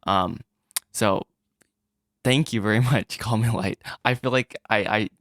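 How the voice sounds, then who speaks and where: A man vlogging about making his animated film, rambling and self-deprecating, with frequent restarts and little laughs. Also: on the low side, unhurried, no echo, studio quality. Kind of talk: casual solo vlog.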